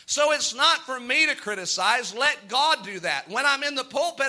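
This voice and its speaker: A man's voice: extremely high pitch, animated, normal speed, few pauses, bright, forceful tone. A man preaching a sermon from the pulpit, earnest and plain-spoken, rising to fervent outbursts. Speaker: pastor.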